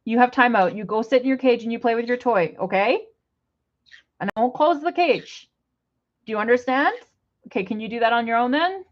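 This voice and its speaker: A woman's voice: a little high, a little fast, long pauses, dull audio. A young woman in her apartment scolding her pet bird over and over in simple, broken phrasing, exasperated and lecturing. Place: apartment indoors.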